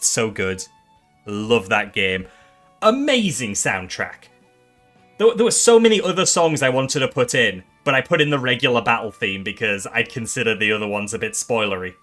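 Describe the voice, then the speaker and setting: Brief: male streamer presenting game awards, animated swings in pitch, faint music underneath. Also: measured pace, long pauses. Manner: excitable, swears, stumbles and restarts.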